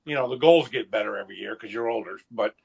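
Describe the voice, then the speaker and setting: A man's voice: fairly low pitch, fast talker, vocal fry, husky. A man who started the podcast, chatting casually and telling stories in a laid-back way, laughing easily. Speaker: podcast founder and co-host. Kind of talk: casual round-table chat.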